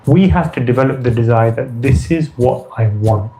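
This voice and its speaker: A man's voice: mid-range voice, normal speed, mellow, a little hiss or hum, poor audio. A man giving an earnest devotional lecture as a spiritual teacher, often repeating phrases for emphasis.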